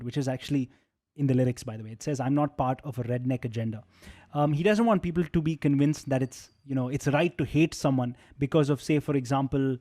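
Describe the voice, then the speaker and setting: Mellow-voiced radio host, chatty. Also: male voice, mid-range voice. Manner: conversational, explains and asks rhetorical questions. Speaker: radio jockey hosting a music session. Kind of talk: casual music presentation.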